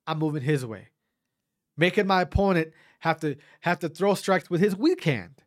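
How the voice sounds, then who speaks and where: A man's voice: on the high side, moderate pace, no echo, clean studio sound. A man casually recounting his own fight, stammering and restarting often, swearing freely and acting out what others said. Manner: animated, frequent restarts and stammers, acts out quotes. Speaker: amateur fighter recounting a bout. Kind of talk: casual storytelling.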